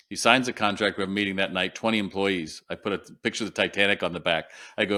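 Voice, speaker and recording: Low-voiced man telling a lively story. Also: moderate pace, clear, resonant tone. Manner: animated storyteller acting out quoted dialogue. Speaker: guest, retail consultant. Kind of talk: storytelling in an interview.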